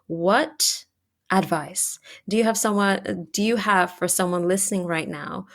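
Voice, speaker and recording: A woman hosting a podcast interview, chatting casually with many "like" fillers and speeding up when excited. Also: mid-range voice, unhurried. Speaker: podcast host.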